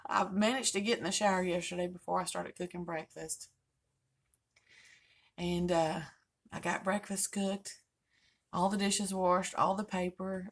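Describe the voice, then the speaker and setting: A woman's voice: on the low side, creaky. An older woman, hosting a home vlog and telling folksy, joking stories in casual chat. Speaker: vlogger host.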